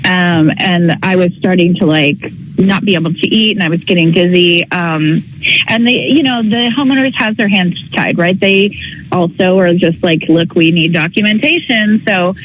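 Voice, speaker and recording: A woman calling into a radio show, telling her story in a rambling, halting way full of fillers. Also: lowish voice, rough recording. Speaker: caller. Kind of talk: phone-in call to a radio show.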